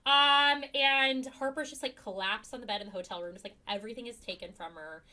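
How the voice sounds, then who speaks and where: A woman's voice: fairly high pitch, fairly quick, sharp tone. A woman co-hosting a casual TV recap podcast, talking in a chatty way with lots of fillers and acting out the characters' lines. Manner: chatty, heavy on fillers, acts out quotes. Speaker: podcast co-host.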